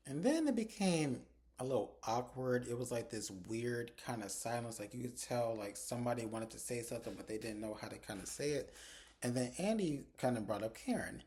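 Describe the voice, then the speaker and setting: A young man casually recapping a TV episode to his viewers, chatty and animated, acting out the characters' lines as he goes. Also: mid-range voice, a little fast. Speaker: TV episode reviewer.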